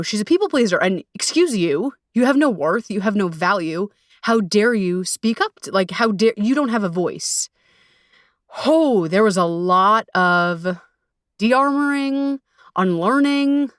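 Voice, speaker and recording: A woman's voice: mid-range voice, dry recording. A young woman talks straight into a close microphone with no room sound around her, voice at a middle height. She tells dating stories in casual podcast chat, swears freely, and pokes fun at herself. She keeps dropping into quoted asides as her younger self. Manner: animated, profane, self-mocking storytelling with lively quoted asides. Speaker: podcast host and dating coach. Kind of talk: casual solo podcast monologue.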